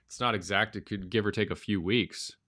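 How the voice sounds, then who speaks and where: Deep nasal man with a cold. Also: brisk, pushed and bright. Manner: thinks aloud, chatty and informal with frequent ums. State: has a cold. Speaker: crypto astrology channel host. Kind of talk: casual chart walkthrough.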